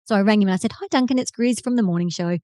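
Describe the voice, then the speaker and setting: An Australian woman, a TV presenter and keynote speaker, telling an effusive, animated story in a podcast interview. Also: mid-range voice, rapid-fire, dry recording, clean studio sound. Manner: effusive, animated storyteller who voices quoted people. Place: podcast studio.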